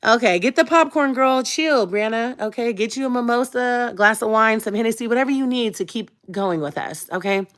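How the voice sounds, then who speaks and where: A woman's voice: medium pitch, fairly bright tone. A young woman tells her own story on a livestream. She talks casually and chattily, with joking asides to her viewers and plenty of laughs. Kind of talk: casual storytelling to a live chat.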